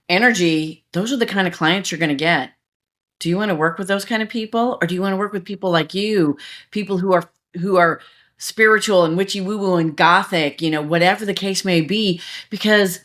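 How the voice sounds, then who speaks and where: A woman's voice: lowish voice, a bit bright. A woman, a digital marketer, talking chattily as a podcast guest, telling stories with many restarts. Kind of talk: casual podcast interview.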